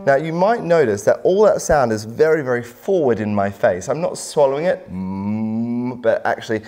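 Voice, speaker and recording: Calm male vocal coach teaching warm-ups. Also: medium pitch, a little fast, soft background music. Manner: calm, encouraging explanations with sung demonstrations. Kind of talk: instructional vocal warm-up lesson.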